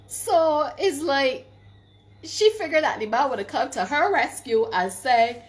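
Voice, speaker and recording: A middle-aged woman, telling stories in a casual vlog, animated, laughing often, and stopping to give advice. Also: sits high, a little slow. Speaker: vlogger.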